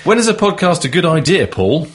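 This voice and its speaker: A man co-hosts a podcast in an easy, playful way. His voice moves around a lot in pitch as he asks questions and jokes along. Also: sing-song, brisk. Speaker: podcast co-host. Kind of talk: casual chat.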